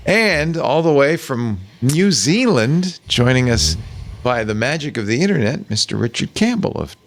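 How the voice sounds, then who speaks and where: Upbeat male tech-show host with a bouncy, playful delivery and lots of pitch movement. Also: moderate pace. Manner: lively, jokey, upbeat. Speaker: podcast host. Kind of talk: tech podcast chat.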